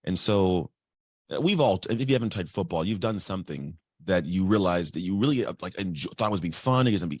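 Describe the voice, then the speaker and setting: A man telling his life story as a guest, energetic and chatty, acting out other people's voices. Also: low-pitched, fast talker, dry recording, studio quality. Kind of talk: candid storytelling.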